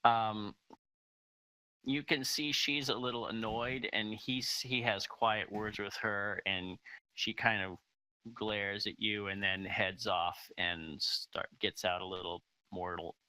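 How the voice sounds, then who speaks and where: A man running a tabletop game, narrating in a relaxed way with plenty of ums and uhs. His voice is low-pitched and unusually bright, and he talks slowly. The recording is close and dry. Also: smooth, low-quality recording. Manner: relaxed, filler-heavy narration. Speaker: game master.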